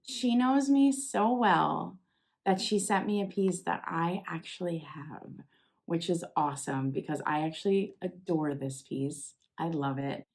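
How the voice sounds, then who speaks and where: A young woman, chatting casually as she opens packages, gushing with excited exclamations. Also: fairly low pitch, measured pace. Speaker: vlogger. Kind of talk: casual unboxing chat.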